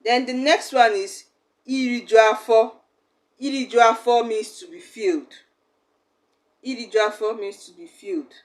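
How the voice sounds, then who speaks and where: A woman's voice: a little high, moderate pace. A young woman, teaching a language lesson in a chatty, explaining way. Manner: chatty, acts out little quoted exchanges.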